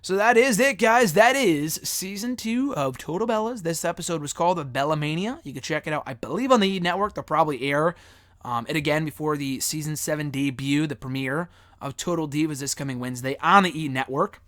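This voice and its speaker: A man's voice: on the high side, a little fast, a bit bright, no echo, clean studio sound. A young man giving a loose, casual recap of a wrestling reality show, dropping frequent curse words and lots of "um" and "uh". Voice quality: loose, swears often, many fillers.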